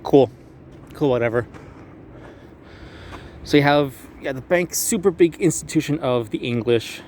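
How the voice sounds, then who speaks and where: A man's voice: a little high, moderate pace, slight background noise. A young man giving a casual walking tour outdoors on a city square. He swears freely, jokes around, and slips into mocking voices when quoting historical figures. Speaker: tour guide vlogger.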